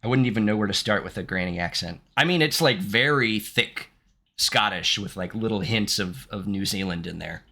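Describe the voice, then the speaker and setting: A man's voice: fairly low pitch, normal speed, gravelly, pushed and bright. A man from the United States streaming gameplay, reading game text aloud and chatting playfully with his viewers, laughing often. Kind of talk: live-streamed gameplay commentary.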